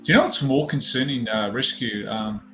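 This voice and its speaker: A man's voice: medium pitch, normal speed, over music, rough recording. A man with an Australian accent in casual chat, easygoing and reassuring, often saying "mate" and "you know".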